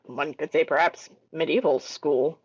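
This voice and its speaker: A woman's voice: deep voice, a little slow, slightly rough, dry recording, lo-fi sound. A woman guest on a podcast, chatting casually with playful asides. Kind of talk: casual chat.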